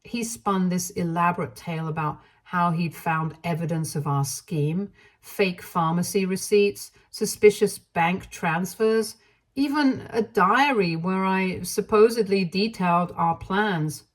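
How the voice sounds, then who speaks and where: A woman reading a first-person story aloud in an even, measured narration style. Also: lowish voice.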